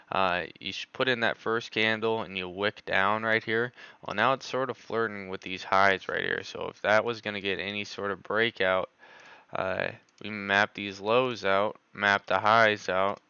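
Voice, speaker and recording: A man's voice: on the low side, sharp tone, clean tone, no room sound, dull audio. A man doing live stock market analysis on a stream, thinking aloud with many filler words.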